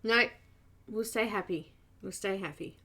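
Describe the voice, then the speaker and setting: A woman hosting a live coloring stream, slightly croaky, chatty and greeting viewers by name with frequent laughs. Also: medium pitch, measured pace, pushed and bright. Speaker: art channel host.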